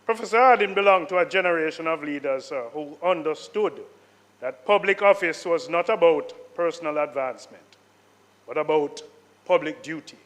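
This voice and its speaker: A senator in a legislative chamber with a fairly high voice for a man. He delivers a formal tribute in a rhetorical style. He stresses each title and honor as he reads through them. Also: moderate pace, fairly bright tone. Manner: rhetorical, listing honors with emphasis.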